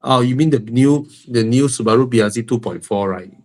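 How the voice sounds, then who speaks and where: A man's voice: medium pitch, fairly quick, darkish tone. Stuffy-nosed Malaysian man, frank and joking. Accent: Malaysian English. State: stuffy nose, breathing heavily. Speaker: host answering car-buying questions. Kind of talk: live Q&A stream.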